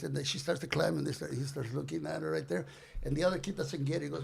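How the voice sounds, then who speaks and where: An older man tells a comic story in a high, gravelly voice. He acts out each character as he goes and sprinkles Spanish slang through the telling, in the easy flow of a podcast guest. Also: fairly even intonation, fast. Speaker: guest comedian.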